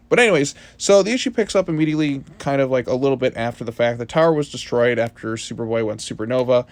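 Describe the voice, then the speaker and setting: A man's voice: medium pitch, quick pace, no echo. A man reviewing a comic book issue in a casual, rambling monologue full of fillers.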